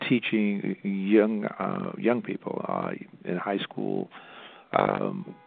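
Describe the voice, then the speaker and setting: A low, gravelly man speaking over a thin, tinny phone line. He talks haltingly, with lots of restarts and fillers, as he explains his organization's work. The sound is dry and close, with no room around it. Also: big pitch swings, no room sound. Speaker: nonprofit representative.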